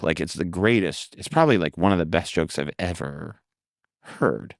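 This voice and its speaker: A man from the United States, a comedian guest in a casual interview, talking quickly with many fillers and some swearing. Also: sits low, lively intonation, dry recording, clean studio sound.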